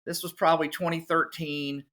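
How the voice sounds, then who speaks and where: Bright-voiced man telling his story. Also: on the high side, normal speed. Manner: animated, acts out other people's voices. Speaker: podcast guest, musician. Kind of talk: casual storytelling.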